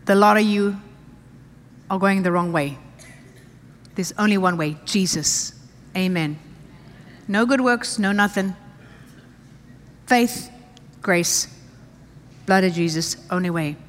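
A woman's voice: medium pitch, slow, pauses often. A woman pastor preaching a sermon, reading scripture aloud and repeating key phrases with emphasis. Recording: church hall reverb.

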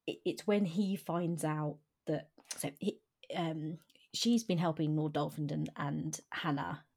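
Woman, podcast co-host, deep pitch, husky tone, casual book chat, hesitant, lots of ums. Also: fairly even intonation, measured pace, a little mellow. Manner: hesitant, many ums and restarts.

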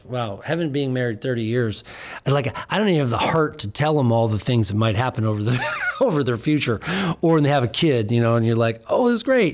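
A man in his fifties hosting a motivational podcast, emphatic and preachy, slowing down to stress key words and acting out his talks with clients. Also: mid-range voice. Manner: acts out dialogue with clients. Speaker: podcast host and practice coach.

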